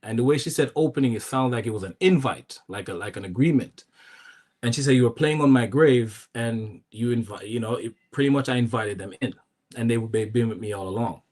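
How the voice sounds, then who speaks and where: A man in the middle of his range, talking casually as a podcast guest. He tells his story in animated bursts, jumping up in pitch when he quotes others and restarting his sentences often. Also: fairly quick. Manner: animated, acts out quoted voices with pitch jumps, many restarts.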